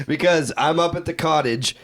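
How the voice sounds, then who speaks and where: A young man with a somewhat high voice rambles through an anecdote. He curses casually and drops in asides, talking with friends on a podcast. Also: moderate pace, a bit bright. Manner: loose, profane, fond of asides. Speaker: podcast co-host. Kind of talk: casual storytelling among friends.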